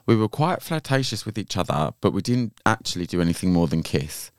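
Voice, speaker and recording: Low, lively man, gossipy. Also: brisk, clear, resonant tone, dry recording, studio quality. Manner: giggly, gossipy storytelling. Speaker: podcast co-host. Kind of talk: casual chat.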